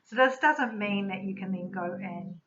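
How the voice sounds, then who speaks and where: Woman teaching in a calm, reflective way. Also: mid-range voice, normal speed, slight background noise. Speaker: energy medicine practitioner. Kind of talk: spoken teaching talk. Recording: slightly dull lo-fi recording.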